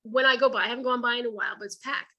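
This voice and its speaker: A woman's voice: fairly high pitch, rapid-fire, muffled recording. A woman giving a talk over a video call, telling stories in a chatty, folksy way and acting out the dialogue. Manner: lively, chatty storytelling that acts out quoted dialogue; colloquial, folksy phrasing. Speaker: author and speaker. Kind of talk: storytelling talk to an online audience.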